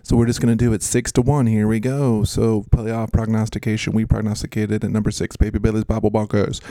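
Gravelly, laid-back man hosting a podcast. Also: on the low side, level tone, fairly quick, dark tone, no room sound. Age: adult, works as a schoolteacher. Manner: jokey and rambling, with frequent laughs. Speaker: fantasy football podcast host. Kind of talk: casual chat.

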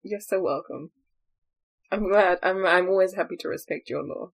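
A woman's voice: fairly low pitch, moderate pace, creaky, husky. Woman podcast host, chatty, teasing, giggly. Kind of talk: casual podcast banter.

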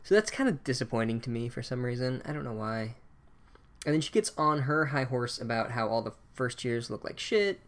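A man's voice: medium pitch, animated, brisk, a bit bright. A man giving a profane, sarcastic comedic recap of a book chapter, ranting as he goes.

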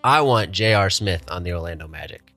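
A man's voice: low-pitched, animated, brisk, sharp tone, dry recording. Young man, podcast co-host, casual sports chat, jokey, laughs a lot, dry close sound, faint music. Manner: joking, laughs often.

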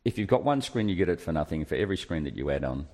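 A man's voice: very deep voice, very animated, racing, a little mellow. A man co-hosting a podcast, chatting casually and keen to chip in with questions. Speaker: podcast co-host. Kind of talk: casual chat.

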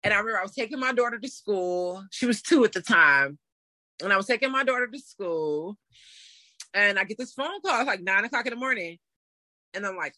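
A woman in her thirties telling a story in a casual interview, animated and laughing as she acts out what people said. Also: medium pitch, normal speed, no room sound. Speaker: interview guest.

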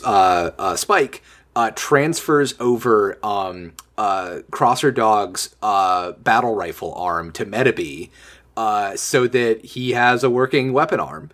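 A man hosting a podcast, talking in a relaxed, rambling way with lots of fillers. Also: lowish voice. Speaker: podcast host. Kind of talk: casual chat.

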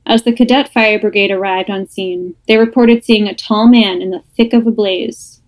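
A woman's voice: medium pitch, steady tone, normal speed, poor audio. A woman podcast host reading listener ghost stories aloud, breaking off for laughing asides.

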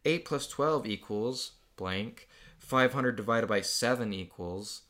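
Young male host, bright forceful tone, chuckles through his own kid-written story. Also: medium pitch, slow. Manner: amused, laughs often while reading. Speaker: host reading aloud his own childhood comic book. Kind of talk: casual chat.

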